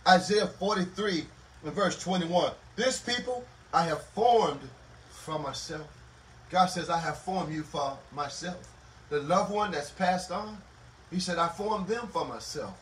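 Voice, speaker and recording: Impassioned male pastor preaching, high voice, heard from some way off the mic. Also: expressive, a little slow. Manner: impassioned preaching, swelling loud on scripture and sinking low. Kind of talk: sermon at a Bible study. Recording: echoey room, mic at a distance, faint noise.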